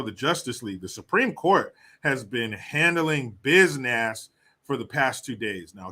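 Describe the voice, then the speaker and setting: Male commentary host, heated profane rant, forceful bright voice, middle pitch. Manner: reads viewer comments aloud. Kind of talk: live political commentary rant.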